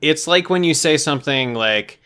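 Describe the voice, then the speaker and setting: A man's voice: a little high, lively intonation, moderate pace, pushed and bright, smooth. A man co-hosting a podcast, chatting casually in an easygoing, agreeable way with lots of filler words. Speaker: podcast co-host. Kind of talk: casual chat.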